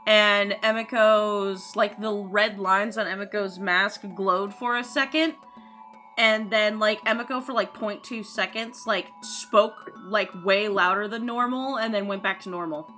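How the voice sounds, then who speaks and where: Woman DM, bright, unhurried, chatty, call mic, faint music bed. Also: mid-range voice, fairly even intonation. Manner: casual, lots of filler words. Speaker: dungeon master. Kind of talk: running a tabletop game online.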